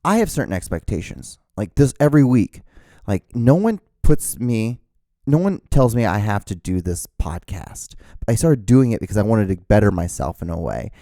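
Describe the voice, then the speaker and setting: Man, podcast host, rambling, profane, mellow tone, dry sound. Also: on the low side, very animated, normal speed, no echo. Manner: rambling, profane, many restarts.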